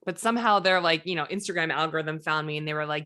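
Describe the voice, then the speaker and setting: A woman's voice: deep voice, quick pace, pushed and bright, smooth. Blunt, swearing woman podcast host. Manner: blunt, profane, jokey. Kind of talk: casual podcast chat.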